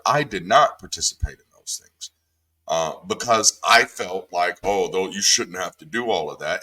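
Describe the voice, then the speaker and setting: A man, a former pastor, giving a casual Bible commentary in an emphatic, animated way, swearing freely and jumping from calm low talk to sharp, high outbursts.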